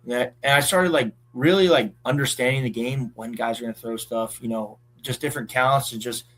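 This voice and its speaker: Easygoing young ballplayer telling stories. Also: male voice, mid-range voice, fairly quick. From southeastern Pennsylvania. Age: around 20. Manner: relaxed storytelling with many fillers. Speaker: college baseball player, guest. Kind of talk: casual chat.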